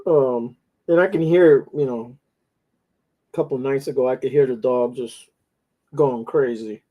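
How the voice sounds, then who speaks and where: A man's voice: medium pitch, measured pace, muffled recording. A man telling rambling stories in a casual chat, with coarse slang.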